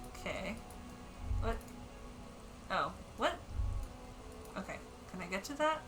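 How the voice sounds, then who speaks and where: Bright-voiced woman streamer chatting. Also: medium pitch, sing-song, slow, pauses often, soft background music, poor audio. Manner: chatty and candid, swears, reads in-game text aloud. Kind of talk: casual gameplay chat.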